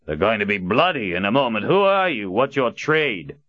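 A man voicing a gruff, bald male soldier captain who growls his threats. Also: fairly low pitch, very animated, moderate pace, pitched above the performer's own voice. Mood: threatening. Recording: dull lo-fi audiobook recording.

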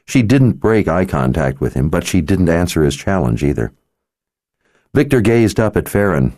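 A male narrator reads a dark fantasy audiobook in a measured, dramatic way. His voice is very deep and mellow, and the recording is close and bone dry. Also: animated, dry recording. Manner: measured, dramatic, slows for grim details.

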